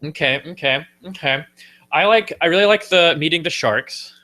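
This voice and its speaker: Guy hosting a podcast, bright tone, goofy and playful, does little silly voices. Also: a little high, normal speed. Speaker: podcast host. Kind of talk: casual podcast chat.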